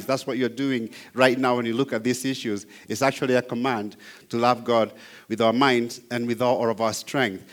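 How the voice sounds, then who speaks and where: A man's voice: mid-range voice, a bit bright. A man teaching apologetics, reading scripture verses aloud and stressing key words with emphasis. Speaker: Bible teacher.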